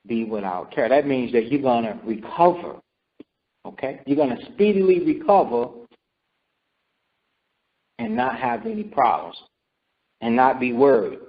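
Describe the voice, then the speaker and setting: A man teaching scripture in a sermon, repeating himself and asking "right?" and "okay?" as he goes. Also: medium pitch. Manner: repetitive, calls for responses with "right?" and "okay?". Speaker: teacher leading scripture study. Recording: dull lo-fi recording.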